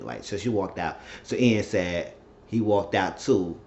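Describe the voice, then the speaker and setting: Low-voiced man chatting through a recap. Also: a little slow, highs cut off. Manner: chatty, animated retelling with rising excitement. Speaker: TV show recap vlogger. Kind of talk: casual episode recap.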